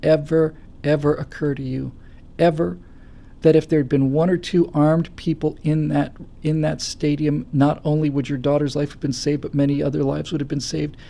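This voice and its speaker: Gravelly guy ranting on his talk show, dark low-key tone, trips over his words then gets loud. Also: little pitch movement, normal speed. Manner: forceful, stammering restarts, rising to near-shouting. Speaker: show host. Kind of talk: impassioned political commentary.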